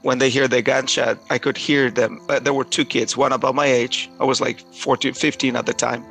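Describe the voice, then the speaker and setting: A man telling a personal story aloud in a halting way, often repeating words and restarting. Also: medium pitch, level tone, gravelly, a bit bright, soft background music, low-quality recording.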